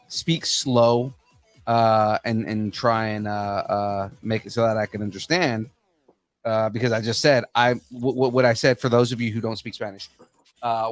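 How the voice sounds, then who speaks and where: Easygoing man chatting on a podcast. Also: medium pitch. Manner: easygoing, hesitant, many uhs. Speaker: podcast host. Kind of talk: casual chat.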